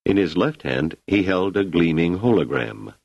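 A man narrating an audiobook in an expressive storytelling manner. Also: deep voice, normal speed, vocal fry, no echo. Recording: slightly muffled lo-fi recording.

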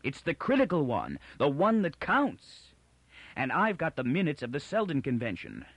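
A man's voice: mid-range voice, huge pitch swings, brisk, a bit bright, slightly rough, dry recording, exaggerated voice. A man voicing a frail, aging male psychologist who talks in a peevish, insistent way. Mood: agitated.

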